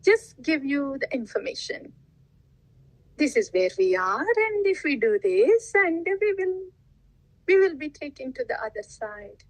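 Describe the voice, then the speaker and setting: Slow-spoken high-voiced woman teacher. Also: very animated, dry recording, rough recording. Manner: laughs often, acts out listeners' replies; unhurried, asks rhetorical questions. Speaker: spiritual teacher. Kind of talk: devotional talk.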